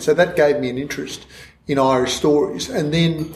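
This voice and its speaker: An Australian man, an author guest in an interview, telling stories in animated, digressive bursts. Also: a little high, normal speed, a little hiss or hum. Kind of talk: conversational storytelling interview. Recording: roomy echo in a room.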